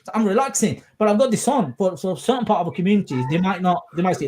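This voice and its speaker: A man's voice: sits high, fast talker, a little hiss or hum. A man from England hosting a casual podcast discussion, talking emphatically and often checking in with his listeners. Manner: animated, emphatic, frequent checks like "you understand?". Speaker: podcast host.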